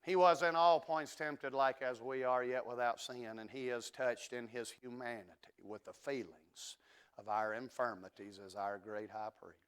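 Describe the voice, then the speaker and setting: A middle-aged preacher man delivering a fiery sermon in a church. He drops to quiet, conversational asides, then rises to loud, ringing declarations, with his voice sitting at an ordinary male pitch. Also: fairly even intonation, normal speed, clean tone. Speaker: pastor. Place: church sanctuary.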